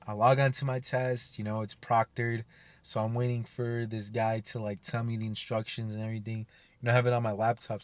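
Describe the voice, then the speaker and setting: A man's voice: mid-range voice, dry recording. A young man, a personal trainer, telling a rambling casual story full of fillers and swearing.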